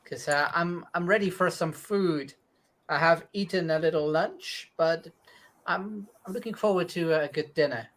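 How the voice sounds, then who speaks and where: A man's voice: fairly high pitch, moderate pace, fairly bright tone. A man hosting a casual online chat with friends, easygoing, stumbling over words and laughing often. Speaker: host.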